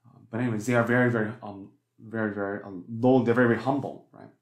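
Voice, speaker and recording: A man's voice: on the low side, steady tone, fast talker. A man preaching a sermon as pastor, talking conversationally with many fillers and restarts and asking the congregation rhetorical questions. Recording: echoey church hall.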